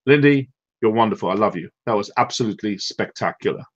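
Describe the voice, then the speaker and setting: A man's voice: on the low side, lively intonation, fast talker, highs cut off. A man from the United Kingdom hosting a motivational online team call, effusive and full of praise, emotional and drained. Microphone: online call audio.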